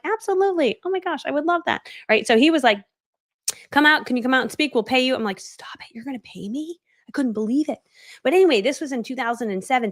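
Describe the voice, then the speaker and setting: A middle-aged woman coaching on a live stream, telling her story animatedly and acting out the voices of the people in it. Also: mid-range voice. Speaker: online business coach.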